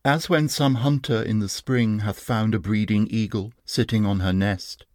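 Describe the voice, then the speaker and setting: A man reciting a narrative poem in a slow, measured, steady manner. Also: lowish voice, no echo, clean studio sound. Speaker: reader. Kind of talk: narrative poetry reading.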